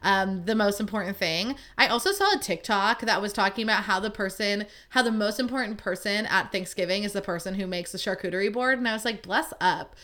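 Bright-voiced chatty young woman podcaster. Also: medium pitch, fairly quick, few pauses. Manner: chatty, lively, peppered with "like" and swearing. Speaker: podcast host. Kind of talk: casual storytelling monologue.

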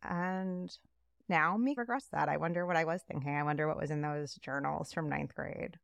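A woman co-hosts a casual podcast chat in a low voice with a gravelly edge. She talks in an animated way and slips into the voices she quotes. The sound is dry and close. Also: moderate pace, no room sound. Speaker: podcast co-host.

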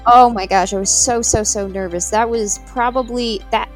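Animated woman telling stories, laughing. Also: fairly high pitch, normal speed, faint music behind. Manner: expressive storyteller, laughs often. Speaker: guest, pet hospice veterinary worker. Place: Tampa area.

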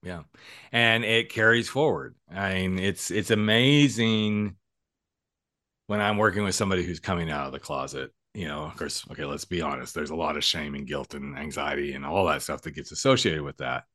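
A man's voice: deep voice, moderate pace, sharp tone, dry recording, clean studio sound. A man over forty hosting a podcast interview in a chatty, upbeat way, hyping up his guest. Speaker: podcast host and coach.

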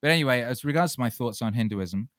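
A man's voice: mid-range voice, animated, fast, fairly bright tone, dry recording. A man hosting a casual livestream Q&A, talking in a profane, fired-up ranting way. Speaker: livestream host.

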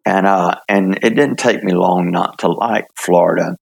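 An older man from the United States telling his story in an interview, halting, with many fillers and restarts. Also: low-pitched, steady tone, gravelly, breathy edge. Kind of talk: relaxed testimony in conversation.

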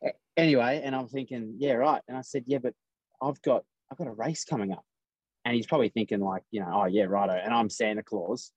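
A man's voice: mid-range voice, fairly quick, breathy edge, dry recording, muffled recording. A man, a race driver telling a story in casual podcast chat and acting out the lines of others. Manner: animated storyteller acting out quotes.

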